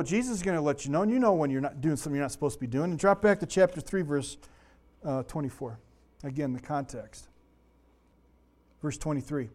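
A man's voice: a little high, fast talker, darkish tone. A middle-aged man teaching a Bible lesson in a conversational way, full of stories and asides, his voice a little sore. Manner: conversational, digressive, with anecdotes. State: slightly sore voice.

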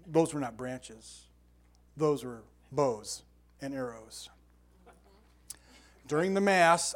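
An older man giving a sermon as pastor, telling lively stories with sound effects and asides. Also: medium pitch, slow pace, long pauses.

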